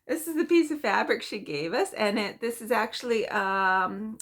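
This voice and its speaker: A woman's voice: a little high, animated, normal speed, fairly bright tone. A middle-aged woman chatting casually at home as a cross-stitch vlogger, rambling with frequent ums and small laughs. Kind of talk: casual chatty show-and-tell.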